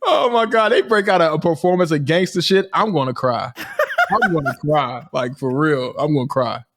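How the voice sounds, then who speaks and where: A man's voice: a little high, moderate pace, a bit bright, a little hiss or hum. A man co-hosting a casual podcast chat who talks expressively, exclaims often and laughs a lot. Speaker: podcast co-host.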